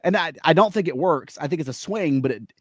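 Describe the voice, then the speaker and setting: A man's voice: a little high, animated, fairly quick, dry recording, clean studio sound. A man co-hosting a casual podcast who makes wry jokes as he talks. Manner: wry, joking. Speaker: podcast co-host. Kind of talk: casual chat.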